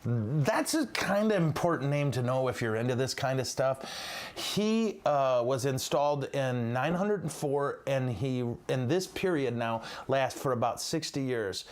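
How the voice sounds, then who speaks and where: A man's voice: medium pitch, lively intonation, measured pace. A man, a priest, giving a livestreamed teaching in a chatty, joking, digressive way. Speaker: priest teaching church history.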